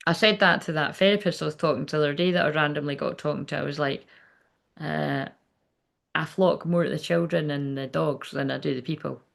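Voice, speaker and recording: Gravelly chatty woman medium. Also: low-pitched, brisk. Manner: chatty, rambling, laughs often, swears freely. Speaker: psychic medium. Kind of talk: casual live reading chat.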